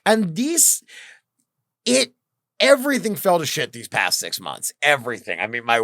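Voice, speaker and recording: Male comic guest, expressive storyteller who does the voices, swinging pitch. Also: brisk, no room sound, clean studio sound. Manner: animated, acts out quoted voices. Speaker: comedian guest. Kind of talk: casual podcast storytelling.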